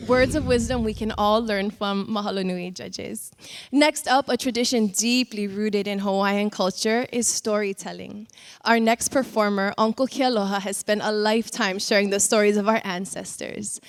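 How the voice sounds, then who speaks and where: A woman's voice: mid-range voice, steady tone, moderate pace. A woman hosting a televised talent competition in a polished, upbeat way. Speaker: host.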